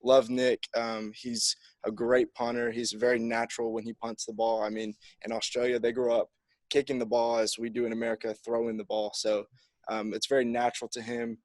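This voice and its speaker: A man's voice: medium pitch, little pitch movement, a little fast, darkish tone, no echo. A young man, a college football kicker, answering press conference questions in an upbeat, easygoing way. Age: young adult.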